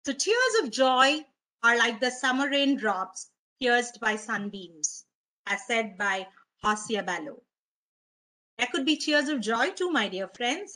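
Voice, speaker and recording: A woman giving a gently instructive wellness talk as a webinar presenter. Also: a little high, poor audio.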